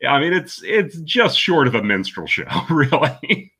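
Bright-voiced man, laughing podcast host. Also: medium pitch, sing-song. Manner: laughs often, quick asides. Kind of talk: casual chat.

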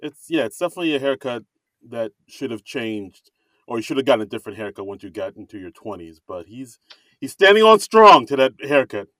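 A man co-hosting a casual comedy podcast, chatty and rambling, quick to laugh. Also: medium pitch, big pitch swings, fairly bright tone, no room sound. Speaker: podcast co-host.

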